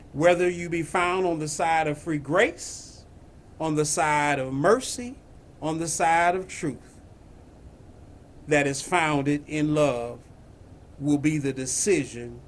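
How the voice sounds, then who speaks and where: A man giving a spiritual message, slow and emphatic, repeating his phrases. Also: a little high, slight background noise. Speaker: spiritual teacher.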